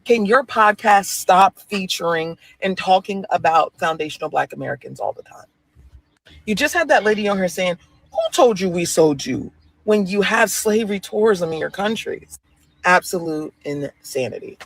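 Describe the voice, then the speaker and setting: A man speaks in a commentary clip with a fairly high voice. He is indignant and profane, and he stacks up rhetorical questions. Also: expressive, normal speed, creaky, fairly bright tone, no echo, low-quality recording.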